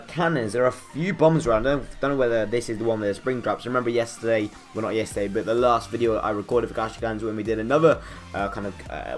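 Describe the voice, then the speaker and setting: A young man giving casual, rambling commentary over a mobile strategy game, counting hits aloud and swearing now and then. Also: mid-range voice. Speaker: gaming YouTuber. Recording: light background music.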